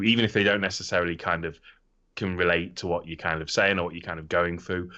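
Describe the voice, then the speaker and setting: Low, bright-voiced rambling man. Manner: rambling, swears freely, animated. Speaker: podcast co-host. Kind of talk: casual chat. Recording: slightly dull lo-fi audio.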